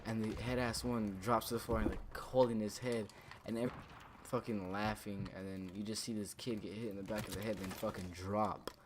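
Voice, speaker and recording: Fairly low in pitch and flat in delivery, this young man speaks at a normal pace, with a slight hiss or hum in the recording. He's a storytime vlogger recounting his school days in a rambling, profane way, packed with fillers.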